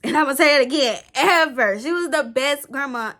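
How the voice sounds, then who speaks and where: A woman's voice: high voice, fairly quick, fairly bright tone. A young woman, talking earnestly to the camera in a rambling, emotional personal vlog. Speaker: vlogger.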